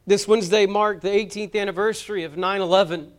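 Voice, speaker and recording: A male pastor preaching with earnest, impassioned urgency. His voice sits high for a man and comes through smooth and resonant, pressing his listeners with direct appeals. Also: steady tone, quick pace. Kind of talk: sermon.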